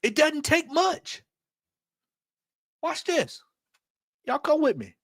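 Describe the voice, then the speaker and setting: A man hosting a casual late-night fan livestream, reading aloud and talking to his chat in an animated way. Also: extremely high pitch, takes it slowly, no room sound, clean studio sound. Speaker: fan channel host.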